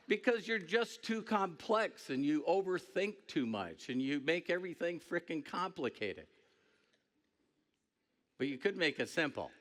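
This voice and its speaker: A middle-aged man delivers a motivational talk on a stage mic to a large crowd. His fairly high voice jumps all over the place, and it stays bright and forceful. He jokes with the room and now and then breaks into a shout. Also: measured pace. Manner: animated, joking, breaks into shouts. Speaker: network marketing speaker. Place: stage before a large audience.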